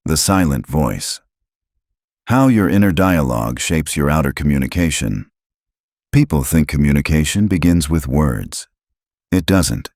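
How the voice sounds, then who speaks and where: A man reading a self-help audiobook in a scripted, measured way, stressing short lists with pauses between items. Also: rumbling low, darkish tone, no echo, clean studio sound. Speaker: audiobook narrator.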